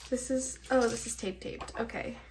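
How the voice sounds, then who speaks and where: A woman's voice: a little high, moderate pace, a little hiss or hum. A young woman with a nasal voice, chatting casually and gushing while she unboxes her mail, cursing freely and sounding short on sleep. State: sleep-deprived. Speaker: vlogger.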